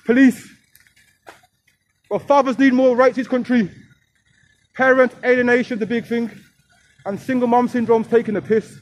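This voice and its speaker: Man, high voice, fast and needling, street vlog host confronting people. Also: fairly even intonation, highs cut off. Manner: confrontational, taunting, rapid-fire questioning. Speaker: fathers' rights activist vlogger. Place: outdoors on a street.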